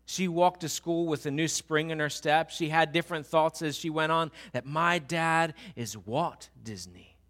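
A man preaching a sermon, telling a story with many restarts, dropping to hushed, slow prayer and rising to loud exhortation. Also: fairly high pitch. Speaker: pastor.

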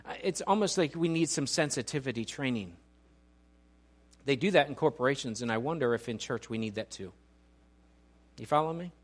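Fairly quick and pausing often, this middle-aged male pastor has a mid-range voice with lively intonation. His sermon is conversational and self-deprecating, with many restarts.

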